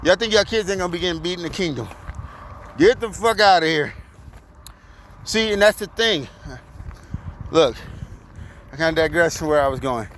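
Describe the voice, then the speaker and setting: High-voiced man ranting outdoors. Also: moderate pace, long pauses, slight background noise. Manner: profane, animated, laughing storytelling. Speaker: vlogger. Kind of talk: casual storytelling rant.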